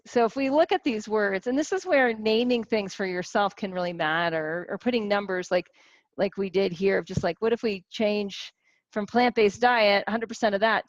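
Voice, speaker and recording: A wellness coach in her forties gives a casual teaching talk to a group, animated and full of restarts and rhetorical questions. Her voice is mid-range, and the audio is dull with no room sound.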